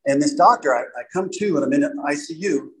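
A man's voice: on the high side, fast talker, background noise. A middle-aged man giving a candid personal testimony to an audience, rambling and full of "you know" asides. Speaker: speaker sharing a recovery story.

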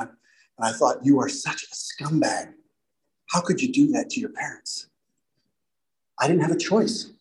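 A man's voice: medium pitch, rough recording. A middle-aged man giving a candid personal testimony to an audience, rambling and full of "you know" asides. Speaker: speaker sharing a recovery story.

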